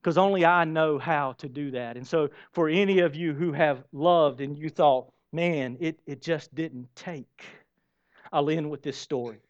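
A man preaching a sermon, emphatic and storytelling, repeating phrases for effect. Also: a little high. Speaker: pastor. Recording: dull lo-fi sermon recording.

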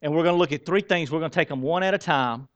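A pastor delivers a sermon, talking to the congregation in a conversational, animated way. He jokes at his own expense between scripture readings. His voice sits a little higher than most men's. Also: very fast, lo-fi sound. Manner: conversational, animated preaching with self-deprecating asides. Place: church sanctuary.

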